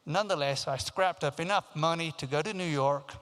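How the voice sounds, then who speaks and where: A man in his fifties tells his life story at a conference, animated and anecdotal, slipping into the voices of the people he quotes. His voice sits a little high. The sound carries a long reverb from a large hall. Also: a little fast. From Africa, raised in England. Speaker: keynote speaker. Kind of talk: storytelling talk.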